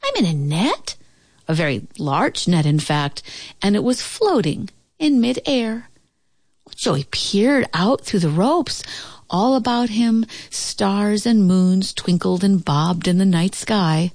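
A woman narrating a children's storybook aloud, expressive with dramatic pauses. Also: lowish voice, no room sound.

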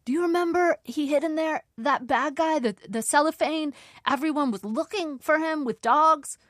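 A man's voice: very high voice, fairly bright tone, no room sound, studio quality, pitched above the performer's own voice. Woman reading as a muddled old father. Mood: puzzled. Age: older. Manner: halting, repeats words. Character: older father, stubborn and muddled.

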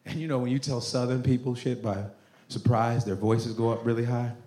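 A man's voice: mid-range voice, little pitch movement, a little fast. A man from Nigeria doing profane stand-up comedy on a club stage, laughing through his punchlines. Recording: roomy club with loud crowd.

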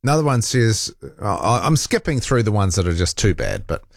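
A man's voice: lowish voice, very animated, moderate pace, no room sound, clean studio sound. A man hosting a talk radio show, reading listener texts and arguing back at critics in a combative, fact-checking way. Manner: combative, defends himself, fact-checks callers.

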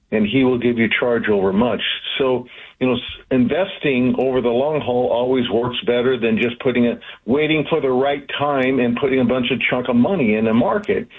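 A man calls into a radio show as an investment firm executive. His husky, mid-pitched voice comes through a tinny phone line as he makes an earnest, salesy case. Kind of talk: radio interview guest.

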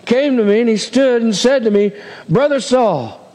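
A man preaching a sermon in an animated way, acting out the voices in the scripture he reads. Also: very high voice, moderate pace. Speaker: pastor. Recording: hall reverb.

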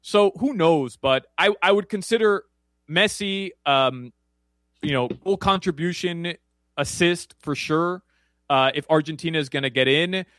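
A man's voice: a little high, unhurried, fairly bright tone, no echo. A man giving casual soccer betting picks, rambling with many fillers and restarts. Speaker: soccer analyst guest. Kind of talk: casual sports betting chat.

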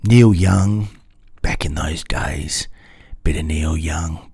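Radio guy in his 50s, husky and unhurried, chatty and self-mocking. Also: rumbling low, dark tone, no room sound, clean studio sound. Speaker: radio music show host. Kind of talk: casual music radio presenting.

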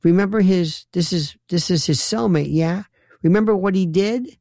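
A man's voice: high voice, normal speed, darkish tone, no room sound, studio quality. A man hosting a late-night call-in radio show, talking in a wry, rambling, sarcastic way. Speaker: radio talk show host.

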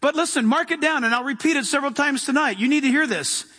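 Male preacher, very high voice, impassioned sermon, long hall reverb. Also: fast, bright, forceful tone. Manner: impassioned, asks the congregation questions.

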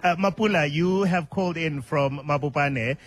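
A man hosting a radio talk show from the studio, a measured, friendly interviewer. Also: on the high side, husky. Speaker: radio host.

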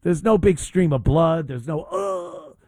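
Male show host, mocking rant, dark mellow tone, dry sound. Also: a little high, a little slow, no echo. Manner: mocking, rambling with fillers. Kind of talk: opinionated talk show monologue.

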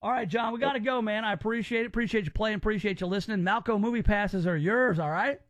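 A man's voice: sits high, fast talker, a bit bright, no room sound, lo-fi sound. A man from the American South hosting a casual call-in radio show, chatty and emphatic. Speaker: radio host.

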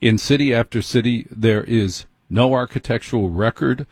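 A man hosting a show, speaking in a measured, emphatic monologue and listing things one by one. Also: mid-range voice, darkish tone, slightly rough, no room sound. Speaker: host. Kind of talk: slow deliberate monologue.

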